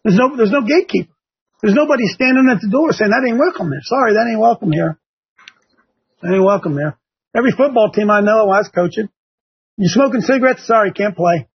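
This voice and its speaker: A man's voice: high-pitched, quick pace, husky. An older man from Ohio hosting a religious talk show, emphatic and repeating his points for effect. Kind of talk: preachy talk-show commentary. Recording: dull lo-fi sound.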